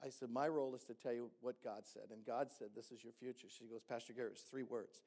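A man, a pastor, telling a story in a sermon and acting out the dialogue with lively energy. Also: medium pitch, quick pace, slightly rough. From Hamilton.

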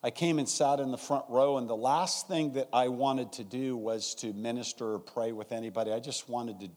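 A man's voice: mid-range voice, normal speed. A man and guest pastor preaching a sermon in a church service, acting out his stories. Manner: animated storytelling, acting out scenes.

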